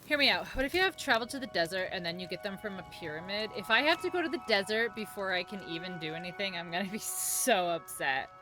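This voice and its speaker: A woman talks through a game on her live stream, rambling and cracking jokes with the odd casual swear. Her voice sits mid-range but swings around a lot. Game music plays clearly underneath her. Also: mid-range voice, expressive, quick pace, hardly any pauses.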